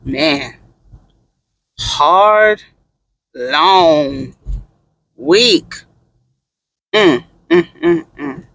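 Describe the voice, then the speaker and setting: A man doing sassy, animated gossip commentary in a casual vlog, with dramatic asides. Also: on the high side, drawn-out words, pauses often, dry recording. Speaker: vlogger.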